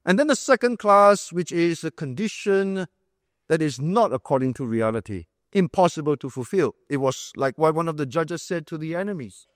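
High-voiced emphatic male preacher. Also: normal speed, no room sound, clean studio sound, long reverb tail. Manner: emphatic, repeating key phrases; explains like a teacher, asks the room questions. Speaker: pastor. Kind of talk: sermon.

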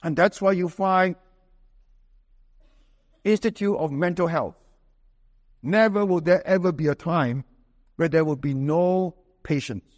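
Singaporean male pastor, emphatic preacher, high-pitched, reverberant hall sound. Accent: Singaporean English. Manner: emphatic preaching with dramatic pitch swings and slow quoted scripture. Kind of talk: sermon.

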